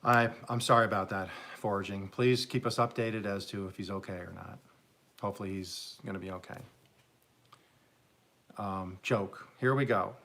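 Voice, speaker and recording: A man's voice: lowish voice, steady tone, moderate pace, gravelly, bright, forceful tone. A man hosting a live stream, casually telling jokes as a rambling, chuckling storyteller. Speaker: livestream host.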